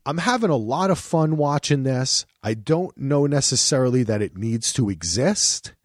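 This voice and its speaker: A man co-hosting a podcast in casual chat, animated and profane, with frequent restarts. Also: medium pitch, normal speed, no echo, clean studio sound. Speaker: podcast co-host.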